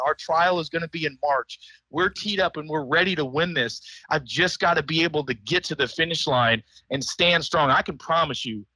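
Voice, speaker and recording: Man, impassioned guest, somewhat high and forceful, dry close sound. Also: slightly rough, dry recording, low-quality recording. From Missouri, USA. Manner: fervent, emotional, repeats words. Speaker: guest, doctor. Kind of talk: impassioned interview appeal.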